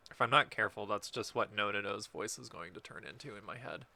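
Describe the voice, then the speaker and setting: A man's voice: lowish voice, quick pace, vocal fry, hardly any pauses, pushed and bright, soft background music. A man streaming a game with casual, jokey commentary, chatting and laughing often.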